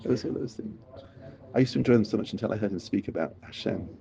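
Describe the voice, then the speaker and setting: A man teaching a religious class, talking in an animated, emphatic way and often repeating himself. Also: on the low side, quick pace, vocal fry, dull audio, a crowd in the background. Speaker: Torah teacher.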